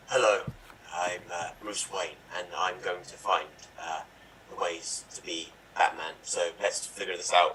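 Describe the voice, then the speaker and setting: A man's voice: deep voice, fairly even intonation, slow pace, sharp tone, distant mic, rough recording. A man performing improvised comedy, playful and giggly.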